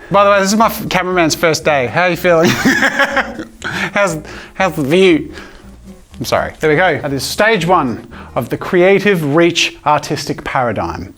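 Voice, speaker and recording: Animated, playful man with a lively voice. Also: on the high side. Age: adult. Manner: playful, self-mocking, jokey asides to viewers; shouts now and then from excitement. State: physically tired from drawing with a long pole. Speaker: art YouTuber. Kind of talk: comedic art challenge vlog. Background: faint background music.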